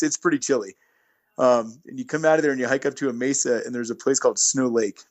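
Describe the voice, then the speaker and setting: A man guest on a podcast, telling long stories in an easygoing, rambling way with many fillers and restarts. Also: mid-range voice. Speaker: guest, long-distance hiker. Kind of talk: casual interview storytelling.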